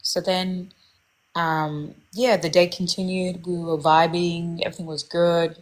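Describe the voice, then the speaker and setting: A woman's voice: fairly low pitch, flat delivery, unhurried. Candid rambling young woman storyteller. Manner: rambling, candid, full of fillers and restarts. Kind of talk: casual storytelling chat.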